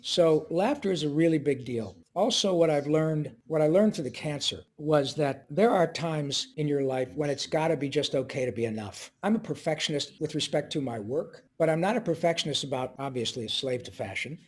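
Husky-voiced man telling a heartfelt story. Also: a little high, fairly quick, few pauses. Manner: animated, slips into voices for quoted people. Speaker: voice actor guest. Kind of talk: emotional interview storytelling.

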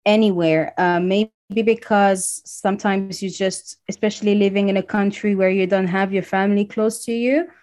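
A woman from Congo, speaking at medium pitch with fairly even intonation, tells a personal story in casual conversation. She talks at a moderate pace with hardly any pauses, and her voice is a little mellow. She acts out the voices of the people she quotes.

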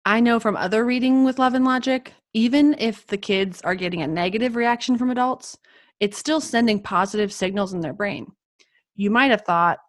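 Woman podcast co-host, teacher type, mid-pitched, enthusiastic and conversational. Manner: enthusiastic, acts out kind phrases to children.

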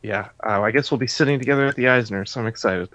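A man, a comic artist guest, chatting casually, excited and laughing often. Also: medium pitch, fast, dry recording, lo-fi sound. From Chicago area. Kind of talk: casual chat.

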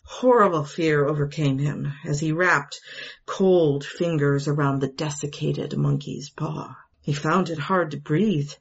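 A woman reading a suspenseful story aloud in a measured, hushed way, adding her own asides. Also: low voice, slightly rough, dull audio.

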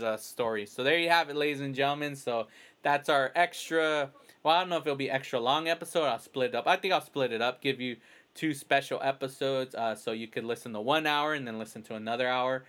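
A man's voice: mid-range voice, a bit bright. A man hosting a podcast in casual chat, rambling through a long personal story and acting out his own quoted remarks. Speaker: podcast host.

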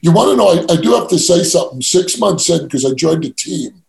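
Brash, gravelly New man. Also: a little high, lively intonation, a little fast, a little mellow, echoey room, rough recording. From New York. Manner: brash, self-mocking storyteller with stammered restarts. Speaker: guest, real estate agent. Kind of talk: casual storytelling interview.

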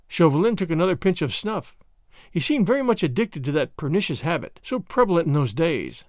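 A man narrating a classic novel as an audiobook, with an expressive storytelling cadence. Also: a little high, brisk, dry recording, studio quality. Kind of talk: scripted narration.

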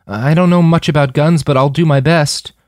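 A man voicing an earnest young woman in a read-aloud story, in a raised, high voice. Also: steady tone, moderate pace, a little mellow, dry recording, studio quality, lightly acted.

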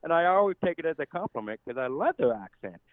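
Fast-talking and very animated, a man with a fairly high voice speaks as a podcast guest in casual interview conversation. He's American with a deaf accent, sounding earnest, effusive and thankful, over a dry, phone-like tinny line with no room sound.

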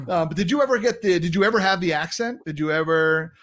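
A man's voice: high-pitched, a little fast, fairly bright tone. A man hosting a podcast, joking with his guest and laughing easily in casual talk. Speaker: podcast host. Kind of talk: casual interview chat.

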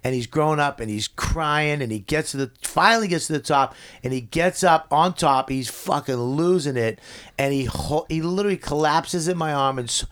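A man's voice: a little high, normal speed, fairly bright tone, smooth. A man in casual chat, talking bluntly and swearing freely. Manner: blunt, profane, emphatic.

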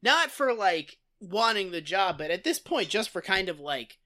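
A woman co-hosting a podcast in casual comedic chat, rambling with plenty of "like" and casual swearing. Her voice sits mid-range and sounds bright. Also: medium pitch, big pitch swings, moderate pace. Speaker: podcast co-host.

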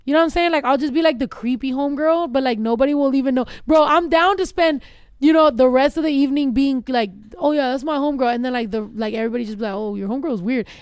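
A woman's voice: high voice, fast talker, a little mellow, no room sound. A woman co-hosting a podcast, telling brash, profane stories in casual slang-filled chat. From Mexican heritage. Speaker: podcast co-host.

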